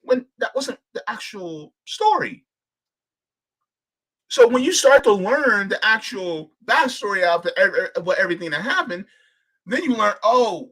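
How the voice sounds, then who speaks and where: A man's voice: high voice, a bit bright, husky. A man hosting a political livestream, arguing fiercely, firing off rhetorical questions and swearing now and then. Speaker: host.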